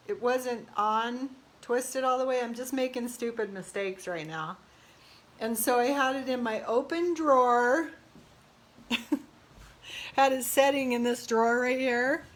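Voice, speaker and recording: A middle-aged woman talking casually to her phone camera during a home remodel, tired and burnt out, rambling with frequent laughs and exasperated asides. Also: a little high. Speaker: realtor remodeling her own house. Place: house under renovation, indoors. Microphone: phone camera held by speaker.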